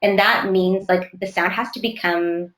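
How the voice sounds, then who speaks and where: A woman actress talking thoughtfully in an interview, often pausing to search for words. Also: mid-range voice, fairly even intonation, a bit bright, roomy sound. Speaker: actress guest. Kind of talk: casual interview chat.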